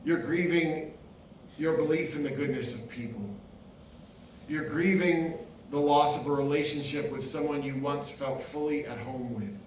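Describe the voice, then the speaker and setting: A man's voice: a little high, normal speed, a little hiss or hum. A man, a pastor and author, giving an impassioned inspirational speech with rhythmic repetition. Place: event venue. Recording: very echoey hall, mic far off.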